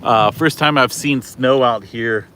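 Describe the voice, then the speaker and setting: A man films himself outside in the falling snow and rambles excitedly into a handheld camera, with lots of "uh"s and happy exclamations. His voice has a bright, forceful edge. Faint background noise sits behind him. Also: medium pitch, a little slow. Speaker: weather channel host. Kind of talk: casual on-the-spot weather vlog. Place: outdoors in falling snow beside his car, rural neighborhood.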